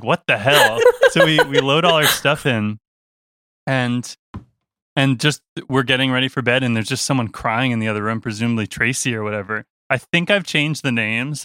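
A man in a band telling a tour story in a casual, animated way, often laughing and acting out the other people's voices. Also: medium pitch, a little hiss or hum.

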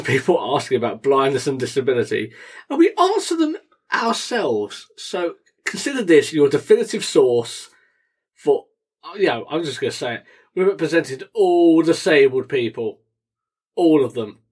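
Lively husky young man co-hosting. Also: on the high side, normal speed. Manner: jokey, laughs often, lively delivery. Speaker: podcast co-host. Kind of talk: casual chat.

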